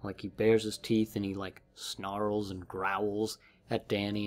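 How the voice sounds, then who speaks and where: Rambling male vlogger with a lowish voice. Casual, filler-heavy recap, faint music behind. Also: flat delivery, measured pace.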